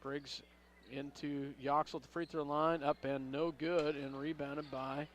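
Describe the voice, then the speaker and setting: A man announcing a high school basketball game play-by-play, calling passes quickly and rising on big plays. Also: little pitch movement. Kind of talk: local radio basketball commentary.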